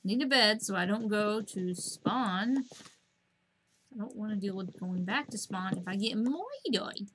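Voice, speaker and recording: A woman streaming a game at home, chatting to herself in a rambling, casual way and breaking into excited squeals at the animals. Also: unhurried, noisy background. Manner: rambling, self-talking, bursts of high squeals at animals.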